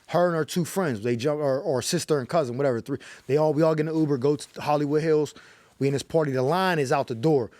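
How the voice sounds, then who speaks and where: Brief: male comic from Pittsburgh, lively profane storytelling, slightly high voice, dry studio sound. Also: fast talker, no room sound. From Pittsburgh, USA. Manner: animated, profane, slangy storytelling. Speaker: comedian guest. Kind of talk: comedic storytelling on a talk show.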